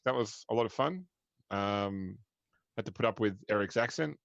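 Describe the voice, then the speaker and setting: A man's voice: lowish voice, creaky, a bit bright, no echo. Australian man, dull dry mic. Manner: rambling, halting restarts. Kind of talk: casual chat.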